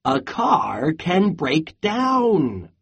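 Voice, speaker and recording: Worrywart goat from a storybook read by a reader, slow, swoopy warnings. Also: huge pitch swings, gravelly, husky, exaggerated voice. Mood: cautioning. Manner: slow, worried warnings, rising to high exclamations. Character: cautious goat warning about every danger.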